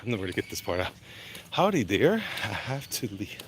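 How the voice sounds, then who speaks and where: A man chatting casually on a livestream while walking briskly outdoors, a bit out of breath, greeting viewers by name as he rambles. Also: fairly low pitch, very animated, a little hiss or hum. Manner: reads chat names aloud, greets viewers, rambling. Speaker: comic artist livestreaming. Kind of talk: casual live-stream chat while walking. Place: outdoors walking through a neighborhood.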